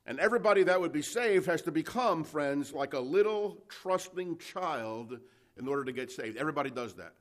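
A man's voice: on the high side, animated, moderate pace. A man preaching an expository sermon to a congregation, emphatic and full of rhetorical questions. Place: church service before a congregation.

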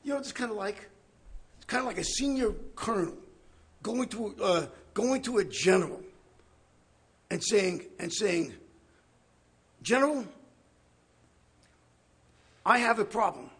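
A man preaching a conversational Bible study, animated and chuckling, often checking in with the listeners. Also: sits high, moderate pace, pauses often. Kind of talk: conversational sermon.

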